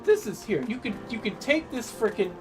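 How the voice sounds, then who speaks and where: A woman's voice: fairly high pitch, very animated, moderate pace. A woman streaming a game, ranting in irritation and swearing heavily. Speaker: gaming streamer. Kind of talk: live game commentary. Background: game music.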